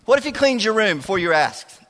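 A man preaching as a youth pastor, his voice bright and forceful and a little high. He keeps it chatty and lively, joking with the crowd. His voice rings out with a long reverb through a large church hall. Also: fast. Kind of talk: sermon.

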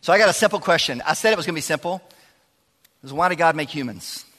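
Lively youth pastor in a big hall. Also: male voice, a little high, quick pace. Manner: lively, chatty, jokes with the crowd. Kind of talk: sermon. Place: large church hall. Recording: long hall reverb.

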